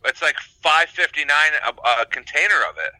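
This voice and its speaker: A man co-hosting a casual chat show, talking in a halting way with lots of fillers and restarts. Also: fairly high pitch, sharp tone, dry recording, rough recording. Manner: hesitant, many fillers and restarts. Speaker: podcast co-host.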